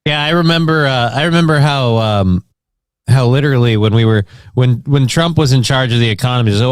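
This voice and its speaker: A man's voice: medium pitch, brisk, smooth, no echo. A man co-hosting a morning show, tossing in dry wisecracks. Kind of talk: comedic banter.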